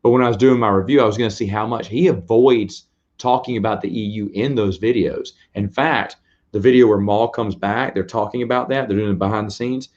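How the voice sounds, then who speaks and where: A man's voice: lowish voice, fairly even intonation, a little fast, a little mellow, muffled recording. A man hosting a casual late-night live stream, chatting with viewers in a rambling, self-deprecating way and laughing often. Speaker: host answering viewers' questions.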